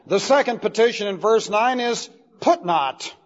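A man's voice: high-pitched, lively intonation, a little slow. Male pastor, expository sermon, emphatic, repeats key terms, long hall reverb, muffled lo-fi sound.

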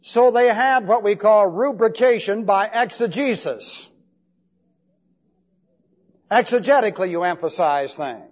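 Pausing often at a measured pace, a man with a high-sitting voice lectures a classroom on Bible Greek grammar. He speaks emphatically, going over points again and spelling out key terms. Long hall reverb fills the dull, lo-fi audio.

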